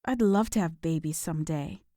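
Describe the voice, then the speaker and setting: An earnest, determined young woman in an audiobook scene, as a woman narrator puts her on. Her voice sits on the low side and sounds close and dry, with no room around it. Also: normal speed, dark tone, no room sound, natural voice. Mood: friendly. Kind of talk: audiobook dialogue.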